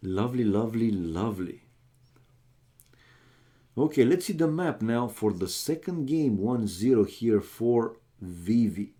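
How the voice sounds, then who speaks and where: A Romanian man streams and casts a strategy game, talking slowly in a low, mellow, animated voice. He's chatty, speaks directly to viewers and calls them "man" while mixing casual chat with commentary.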